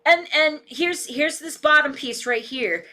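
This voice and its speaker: Woman, casual live-stream commentary, blunt and profane, slow unhurried delivery, desk mic, home room, dog in the background. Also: high voice, pushed and bright. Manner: blunt, heavy swearing, talks back to her dog. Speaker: political live-stream vlogger. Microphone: desk microphone with camera. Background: dog barking and moving.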